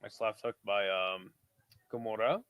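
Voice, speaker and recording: A man's voice: lowish voice, fairly even intonation, a little slow, a bit bright, clean tone, no room sound, studio quality. A tired young man hosting a live watch-along stream, calling the action casually and swearing freely between plays. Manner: laid-back, swears freely, drifts between play-calling and chat.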